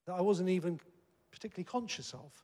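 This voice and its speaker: Earnest preacher in a reverberant hall. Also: male voice, high voice, quick pace, dark tone. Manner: earnest, conversational preaching that rises to emphatic peaks. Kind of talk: sermon.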